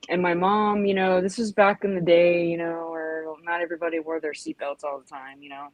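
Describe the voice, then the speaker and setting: A woman's voice: lowish voice, flat delivery, fairly quick, no echo, dull audio. A woman in her forties telling a rambling story in casual chat, full of "you know" and "like", acting out yelps. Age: 40s. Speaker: podcast host.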